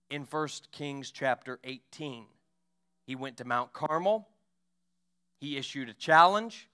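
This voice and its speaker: A male pastor preaching a sermon, retelling Bible stories with lively acted-out voices. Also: medium pitch, clean tone. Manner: storytelling preacher acting out Bible scenes. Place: church.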